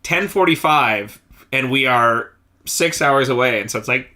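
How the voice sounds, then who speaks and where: A man talking loosely on a band podcast, circling back with plenty of ums and easy laughs. His voice has a bright, forward tone at a middle pitch, relaxed and unhurried. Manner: rambling, laughs often, lots of fillers. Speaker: band member co-hosting a podcast. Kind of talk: casual chat.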